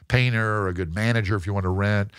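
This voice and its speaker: A man, a guest in an interview, telling his story in a lively way and acting out the people he quotes. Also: on the low side, fast talker, smooth, no echo, studio quality. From United States. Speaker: guest, real estate investor.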